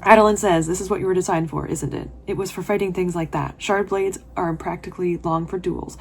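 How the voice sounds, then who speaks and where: A woman with a somewhat low voice reads a novel aloud for her vlog. She breaks off into gushing, emotional reactions between passages. The tone stays casual and personal. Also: fairly even intonation, brisk, a little hiss or hum. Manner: emotional, gushing reactions with laughs and whispered asides. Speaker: book vlogger.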